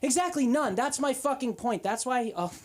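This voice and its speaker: Lively, profane woman doing stand-up. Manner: profane, animated storytelling with quick pitch jumps. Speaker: stand-up comic. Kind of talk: open-mic stand-up set. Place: comedy club stage.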